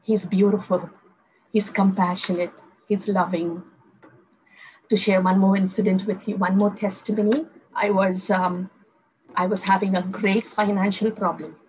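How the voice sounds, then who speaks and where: A woman's voice: medium pitch, level tone, measured pace, a little mellow, slight background noise, low-quality recording. An older woman, preaching a fervent testimony sermon and telling stories to her listeners. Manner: fervent, storytelling, addresses listeners as friends.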